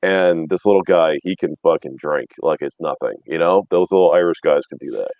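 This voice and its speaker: A man's voice: extremely low pitch, fairly quick, no room sound, lo-fi sound. A man in his thirties telling rambling, profane stories in casual chat, laughing often. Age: 30s. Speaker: podcast host.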